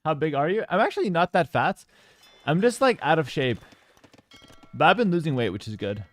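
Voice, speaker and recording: A man commentates a strategy match live on stream, still out of breath. His voice sits a little high, and he chats loosely and casually with his viewers between calls on the game. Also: very animated, moderate pace. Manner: casual, chatty, talks to stream chat. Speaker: esports caster.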